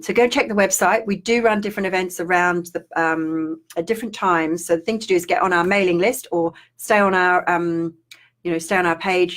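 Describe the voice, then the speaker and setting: A middle-aged woman from Australia with an Australian accent, chatting casually on a live stream as a spiritual coach, rambling with restarts and fillers. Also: medium pitch.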